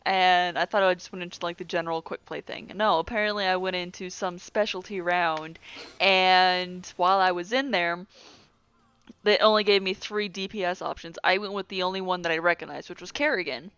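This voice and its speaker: A young woman co-hosting a casual gaming chat, animated and swearing freely. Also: on the low side, fairly quick, clear, resonant tone, dry recording. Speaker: co-host. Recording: dull lo-fi mic.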